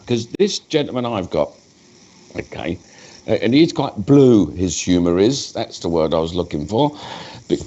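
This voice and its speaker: A man in his fifties leads a live mediumship demonstration in a chatty, rambling way. He often stops mid-sentence to talk to unseen spirits. His voice sits at a middle pitch, and the livestream audio is dull and lo-fi. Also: warm tone. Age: 50s.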